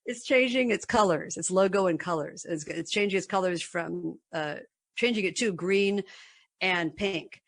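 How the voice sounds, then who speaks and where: A woman's voice: fairly low pitch, unhurried, dry recording. Rambling, self-deprecating middle-aged woman. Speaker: guest. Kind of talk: casual interview chat.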